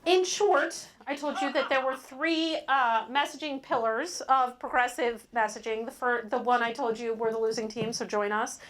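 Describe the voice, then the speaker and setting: A woman's voice: a little high, normal speed, hardly any pauses, a bit bright. A woman giving a live workshop talk in an indoor meeting room, speaking into a handheld mic with a wry, joking delivery.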